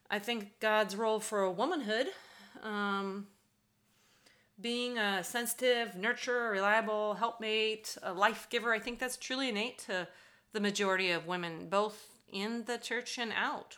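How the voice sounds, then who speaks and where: Middle-aged woman host, earnest chatty delivery, crisp bright tone. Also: mid-range voice. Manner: chatty and earnest, with ums and pauses. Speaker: podcast host. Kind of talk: casual podcast monologue.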